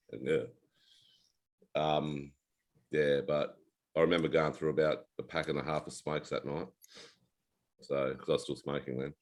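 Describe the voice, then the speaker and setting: A middle-aged Australian man with a very low voice hosts an unscripted chat among friends. He spins loose, blunt yarns and swears without a second thought. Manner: relaxed storyteller, blunt, swears freely. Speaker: podcast host, ex-Navy. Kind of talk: casual chat.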